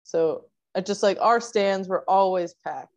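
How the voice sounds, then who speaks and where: A woman's voice: mid-range voice, unhurried, darkish tone. A young woman from Minnesota in casual chat, telling stories in close detail. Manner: storytelling, detailed. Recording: dull lo-fi sound.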